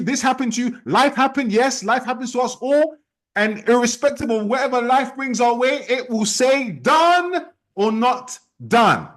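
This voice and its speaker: High-voiced man giving a pep talk. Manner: emphatic, repetitive, challenging. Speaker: sales team trainer. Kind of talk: motivational training talk.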